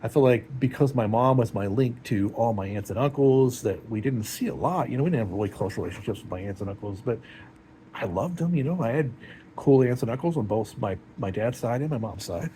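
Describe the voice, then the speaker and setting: A heartbroken man talking in a rambling, halting, emotional way in a personal confessional vlog. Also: mid-range voice, animated, dark tone, slight background noise.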